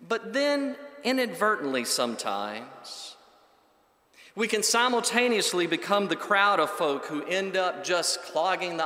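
Slow, bright-voiced man preaching in an echoey hall. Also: sits high. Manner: measured, emphatic, builds lists. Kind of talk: sermon. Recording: echoey hall with long reverb.

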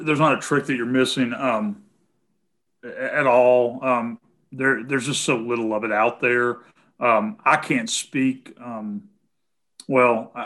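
A man's voice: medium pitch, a bit bright. A man with a Tennessee accent answering callers' questions in a casual conversation, hesitating often with "um" and "you know".

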